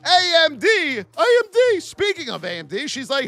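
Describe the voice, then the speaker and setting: A man's voice: extremely high pitch, big pitch swings, moderate pace, hardly any pauses, bright, forceful tone, no room sound, soft background music. A man hosting a live stream, calling out stock price levels and joking energetically with his viewers. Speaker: trading educator. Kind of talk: live-stream market commentary.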